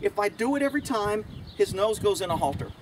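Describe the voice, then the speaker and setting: A man demonstrating horse handling outdoors as a trainer, blunt and folksy, talking gently to his horse between steps. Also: sits high, animated, fast talker. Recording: distant camera audio, loud outdoor noise.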